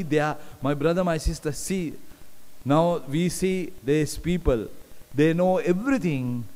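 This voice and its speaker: A man's voice: a little high, warm tone. A man preaching a sermon, repeating phrases and putting questions to the congregation. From Sri Lanka. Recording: long hall reverb, live stream.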